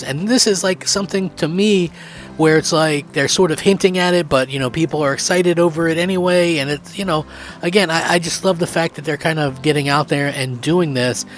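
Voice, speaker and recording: An eager man talks through his gaming opinions in a rambling way, full of fillers and loose restarts. His voice sits at a middle pitch. A faint music track plays quietly underneath him. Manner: excited, rambling, many fillers. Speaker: gaming channel host. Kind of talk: opinion commentary.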